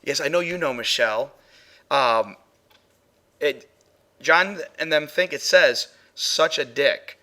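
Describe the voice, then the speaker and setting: A man's voice: fairly high pitch, lively intonation, slow, pauses often, sharp tone. A man hosting a live paranormal stream, chatting casually as he plays and reviews audio clips with his chatroom. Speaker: paranormal show host.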